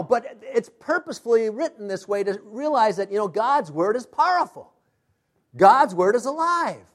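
Guy preaching, pretty high voice, keeps asking the crowd "what?", goes loud then real quiet. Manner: emphatic, asks the congregation to fill in words; swings between loud emphasis and hushed, intense asides. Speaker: pastor. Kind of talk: sermon.

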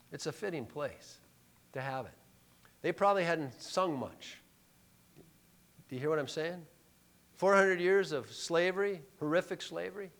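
A male pastor preaching a sermon, emphatic and full of rhetorical questions, dropping to a hush and then rising loud. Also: on the high side.

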